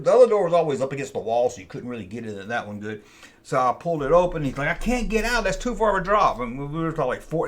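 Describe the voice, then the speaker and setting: With a voice on the high side and a fairly bright tone, a man tells a story from his youth on his channel. The telling is rambling and folksy, and he often repeats himself.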